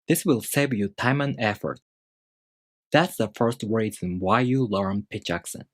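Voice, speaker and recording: Husky-voiced man teaching calmly. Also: lowish voice, a little slow, dry recording, studio quality. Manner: calm, methodical explanations with spoken examples. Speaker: language teacher. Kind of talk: instructional video lesson.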